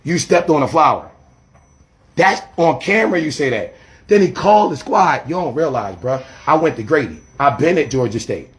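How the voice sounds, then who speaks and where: A man, a street preacher, defensively arguing and talking fast over others while filming a confrontation outdoors on his phone. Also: on the high side, expressive. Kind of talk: heated self-filmed confrontation. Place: outdoors by a church. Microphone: handheld phone camera.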